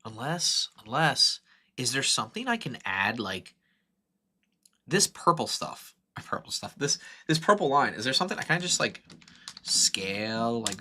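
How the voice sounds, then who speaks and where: A young man streaming a live software tutorial, thinking aloud in an excitable, rambling way with many fillers and self-corrections. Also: mid-range voice, a little hiss or hum. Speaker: streamer teaching 3D modeling.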